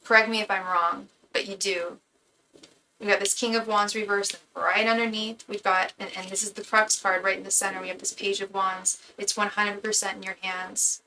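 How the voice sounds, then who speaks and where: Bright-voiced woman giving chatty tarot readings. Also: medium pitch, little pitch movement, normal speed, a little hiss or hum, rough recording. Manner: casual, chatty, stammers and repeats words. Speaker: tarot reader and psychic. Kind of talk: live tarot reading to a chat.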